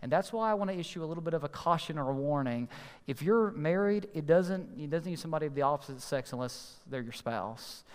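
A man preaching a sermon as pastor, earnest and emphatic, slowing to stress key phrases. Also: on the high side, lively intonation. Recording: long hall reverb.

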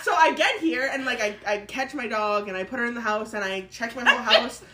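A woman's voice: a little high, a little fast, very noisy. A woman co-hosting a casual podcast, telling a story animatedly with frequent laughter. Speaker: podcast co-host.

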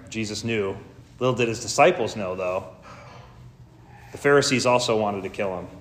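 A man's voice: mid-range voice, a bit bright. A man preaching a sermon as pastor, in a casual, conversational way with slangy asides.

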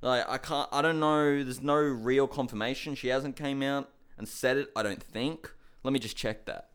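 A man's voice: mid-range voice, steady tone, moderate pace, a bit bright, smooth. A young man giving a heated, incredulous rant on fighting news, swearing often. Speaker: MMA commentator. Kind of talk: ranting commentary to camera.

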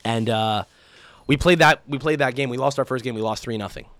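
Young male podcast host, animated profane storyteller, dry close mic. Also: medium pitch, brisk, no echo. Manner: animated, profane, mimics people in shouty voices. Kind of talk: casual chat, ranting storytelling.

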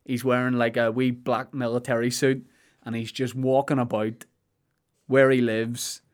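A young man with a Northern Irish accent, co-hosting a podcast in rambling, jokey chat with deadpan asides. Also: mid-range voice, unhurried. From Northern Ireland. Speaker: podcast co-host.

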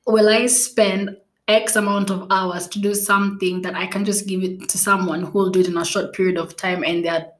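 A woman's voice: medium pitch, flat delivery, moderate pace, roomy sound, slight background noise. Chatty woman hosting a podcast. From Kenya. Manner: chatty and self-laughing, many fillers and restarts. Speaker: podcast host. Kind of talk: casual solo podcast chat.

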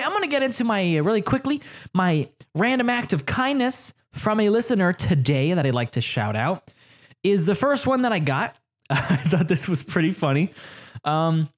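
Young guy hosting a podcast, rambly and crude, voice jumps all over the place. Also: high voice. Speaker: podcast host. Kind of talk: casual comedic monologue.

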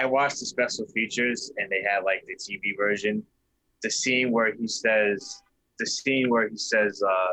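A man's voice: fairly low pitch, sharp tone, rough recording. A man co-hosting a casual podcast, talking in a laid-back, rambling way. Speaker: podcast co-host.

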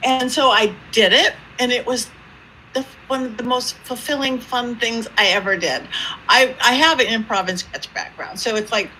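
A woman guest telling stories in an interview, with a lively improv-comedy manner and acted-out quotes. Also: normal speed, slight background noise, poor audio. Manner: lively, acts out quoted voices with big pitch jumps. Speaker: psychic medium guest. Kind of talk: animated storytelling interview.

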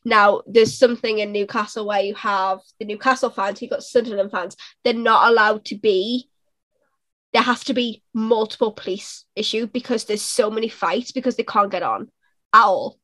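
A woman's voice: mid-range voice, steady tone, moderate pace, fairly bright tone, dry recording. A woman with a Geordie accent, co-hosting a podcast in casual, chatty talk. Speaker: podcast co-host. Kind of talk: casual chat.

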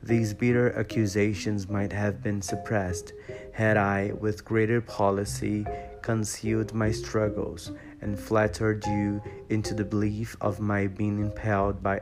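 A man voicing a proud, contemptuous young gentleman in a storybook reading, measured and haughty. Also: fairly low pitch. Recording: guitar music behind voice.

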